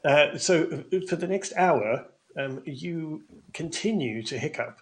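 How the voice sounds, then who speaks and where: A man's voice: fairly high pitch, expressive, unhurried, slight background noise. A man running a tabletop game as game master, narrating the scene in a hesitant way, full of ums. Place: home room.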